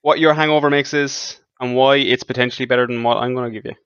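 A man's voice: medium pitch, steady tone, fast talker, a bit bright, clear, resonant tone, dull audio. An Irish man co-hosting a podcast, teasing his partner with dry questions in casual banter. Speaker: podcast co-host.

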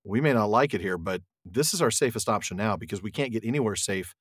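A man with a husky, low voice co-hosts a book podcast, his pitch moving freely as he talks. He discusses the story casually and reads passages aloud with expression. The sound is dry and close. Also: fast talker, dry recording. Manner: animated, expressive reading of passages. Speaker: podcast co-host.

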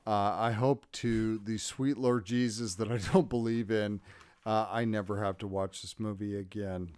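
A tipsy man hosting a casual podcast, loud and crude, breaking into laughter between lines. His voice is smooth and clear at a middle pitch. The sound is dry and close. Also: fairly even intonation, moderate pace, no room sound. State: drunk. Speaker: podcast co-host. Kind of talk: casual chat.

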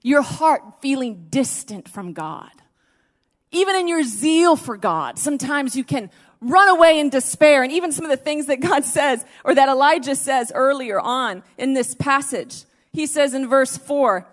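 A woman's voice: high-pitched, animated, unhurried, big-room sound. A woman pastor preaching a sermon to a congregation, dropping to near-whispers and then rising to fervent exhortation. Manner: swings from hushed near-whispers to emphatic raised exhortation. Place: church service before a congregation.

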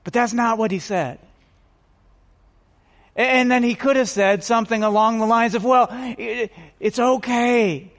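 Male pastor, high voice, unhurried sermon full of rhetorical questions, hall reverb. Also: fairly even intonation, fairly bright tone. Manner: dramatic pauses, rhetorical questions.

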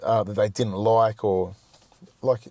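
Middle-aged guy, plain-spoken and profane, relaxed podcast chat, dead-dry recording. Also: lowish voice, slow pace, dry recording. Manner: blunt, swears freely, repeats words when starting a point. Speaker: podcast guest. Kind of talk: casual chat.

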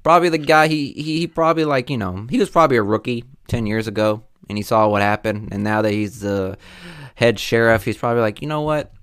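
A man's voice: on the low side, brisk, fairly bright tone, smooth, no room sound, clean studio sound. A young man co-hosting a podcast, casual and emphatic, swearing freely and acting out characters. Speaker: podcast co-host. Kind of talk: casual movie discussion.

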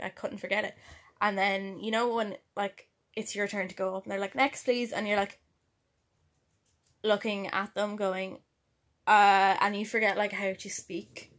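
A young woman, co-hosting a casual chat and telling stories with frequent laughter. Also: mid-range voice. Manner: laughs often, animated storytelling. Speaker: podcast co-host.

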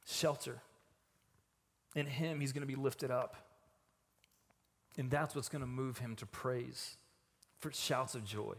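A man preaching a sermon in a casual, emphatic way, swinging from hushed reflection to loud, raised passages. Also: mid-range voice, slightly rough, in a large hall. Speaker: pastor.

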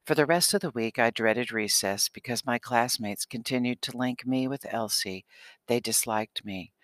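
A man reading a children's novel aloud in a steady, expressive voice. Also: medium pitch, moderate pace, no room sound. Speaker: audiobook narrator. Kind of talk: scripted audiobook narration.

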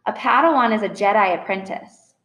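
A woman's voice: mid-range voice, fairly quick, bright, forceful tone, close to an everyday voice. A woman voicing a bold, confident young schoolboy who talks in an eager, pointed way in a storybook. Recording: roomy echo.

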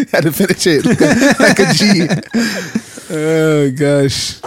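A man trades jokes on a casual podcast. His voice sits a little high and leaps around, quick to break into laughter. The sound is dry and close. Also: breathy edge, no echo. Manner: laughing, teasing, animated. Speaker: podcast host.

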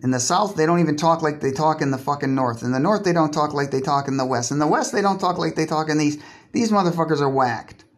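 A man's voice: on the high side, fast. A man delivering a profane, sarcastic solo podcast monologue while lying in a bathtub. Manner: profane, sarcastic, provocative, breaks off and restarts words.

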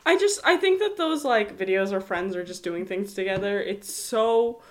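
A young woman co-hosting a podcast, chatting excitedly and self-deprecatingly, with frequent swearing and laughter. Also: medium pitch, normal speed. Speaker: podcast co-host. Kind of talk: casual chat.

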